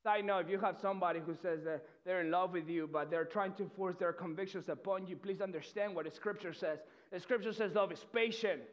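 A male pastor preaching a sermon with energy, often repeating words and swinging between loud and soft. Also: sits high, fairly even intonation, brisk, hardly any pauses. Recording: dull lo-fi sound.

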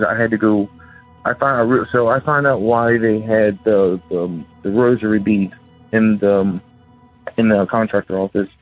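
A man calling in by phone, rambling and hesitant as he tells a personal ghost story, full of restarts and fillers. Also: lowish voice. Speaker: caller telling a ghost story. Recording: tinny phone line.

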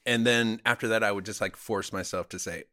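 A man telling a story casually as a podcast guest, animated and profane, laughing often. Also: on the low side, brisk.

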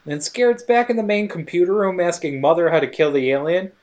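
A man in casual comedic chat, recapping a film with crude jokes and quick acted-out lines. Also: high voice, expressive, darkish tone. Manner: jokey, crude, acts out characters in quick asides. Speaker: podcast co-host recapping a film.

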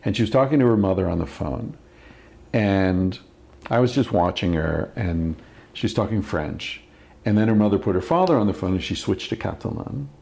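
A man hosting a casual podcast interview, relaxed and blunt, telling stories. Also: low voice, moderate pace, creaky. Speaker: podcast host.

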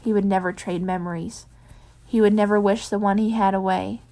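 A woman's voice: medium pitch, steady tone, brisk, dark tone. A woman reading a fan fiction chapter aloud, then chatting in an afterword with lots of ums. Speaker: fanfiction reader. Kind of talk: audiobook narration of fan fiction.

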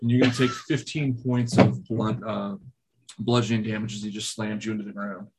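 A man narrating as game master in a tabletop game, laid-back and halting, laughing easily with his players. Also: fairly low pitch, little pitch movement, slight background noise.

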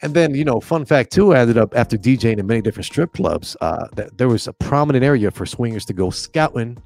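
A young man, a former club DJ, casually tells a story on a podcast. He's animated, acts out the voices of the people in it, and laughs often. His medium-pitched voice is fast and creaky, with faint music behind.

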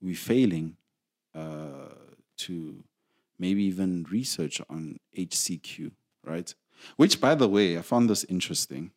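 A man's voice: animated, slow pace. Angry South African man ranting. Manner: angry, emphatic, many restarts, swings from loud peaks to low mutters. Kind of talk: casual ranting commentary.

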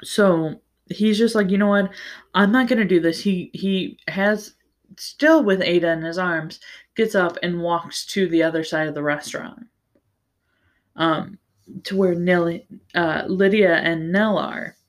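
A woman's voice: fairly low pitch, steady tone, takes it slowly. A woman hosting a podcast, giving a casual, rambling book recap with plenty of fillers, restarts and the odd swear word. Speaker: podcast host.

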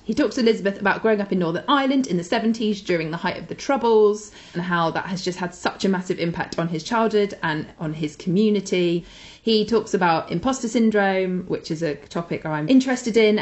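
A woman co-hosting a chatty podcast, talking with gushing enthusiasm about things she recommends. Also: lowish voice. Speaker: podcast co-host. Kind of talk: casual chat with recommendations.

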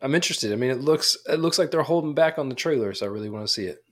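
A man's voice: mid-range voice, very fast. Easygoing male podcast co-host. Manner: relaxed, rambling, with fillers. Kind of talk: casual podcast chat.

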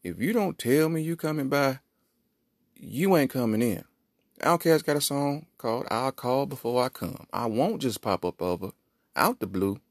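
A man's voice: medium pitch, no room sound, studio quality. A man hosting a podcast, telling a rambling comic story with lots of asides. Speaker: podcast host. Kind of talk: comedic monologue.

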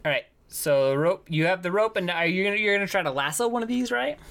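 A game master runs the table with a bright, lively voice that swings up and down as the scene unfolds. The delivery is loose and laughing, often restarting mid-sentence. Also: medium pitch, fast talker, vocal fry.

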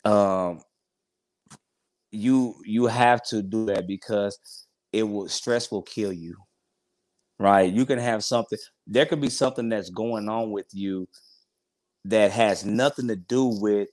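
Guy in his 40s, lowish voice, dry close sound, talks from the heart and keeps restarting himself. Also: takes it slowly, long pauses, a little mellow, dry recording. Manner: heartfelt, rambling with many restarts. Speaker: podcast guest. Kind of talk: casual interview chat.

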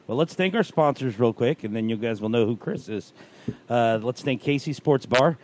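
A man hosting a casual sports podcast with friends, upbeat and running the show with quick greetings. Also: medium pitch, animated, darkish tone, muffled recording. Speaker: podcast host.

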